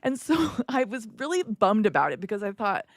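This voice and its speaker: Animated woman telling stories in a dry close sound. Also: brisk, no echo. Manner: animated storytelling with big pitch swings and laughs. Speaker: content creator. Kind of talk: casual live-stream chat.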